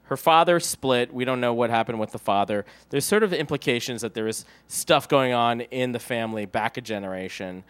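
A man's voice: mid-range voice, fairly quick, few pauses, smooth, dry recording. A man co-hosting a podcast, talking in a casual, rambling, thoughtful way with dry wit. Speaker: podcast co-host. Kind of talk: casual chat.

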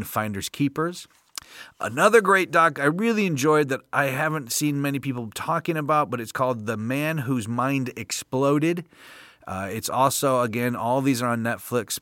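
A man's voice: medium pitch, a bit bright, dry recording. Upbeat podcast host man, dry close mic. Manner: upbeat and jokey, loose with fillers. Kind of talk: casual solo podcast talk.

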